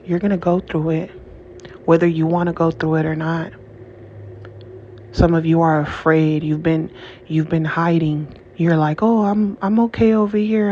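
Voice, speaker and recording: A woman speaks to her viewers in a heated, emotional monologue, repeating herself and breaking off mid-sentence. Her voice stays level and flat in tone. The recording is dull and lo-fi with a faint hiss behind it. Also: deep voice. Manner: angry, repetitive, restarts often, curses. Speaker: channel host.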